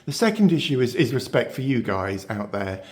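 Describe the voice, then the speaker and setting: Very animated and speaking at a moderate pace, a man with a mid-range voice hosts his beauty channel. He talks to camera in a chatty, rambling way, restarting often and leaning on fillers and rhetorical questions for his viewers.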